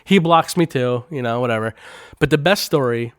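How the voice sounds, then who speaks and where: A man's voice: mid-range voice, normal speed, smooth, no room sound. Podcast guest, man, rambling profane storyteller, close dry sound. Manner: profane, rambling storyteller who laughs often. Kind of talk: casual podcast chat.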